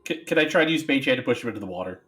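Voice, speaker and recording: A man playing in a tabletop game, talking casually with quick hesitant asides. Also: medium pitch, lively intonation, a bit bright. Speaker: player.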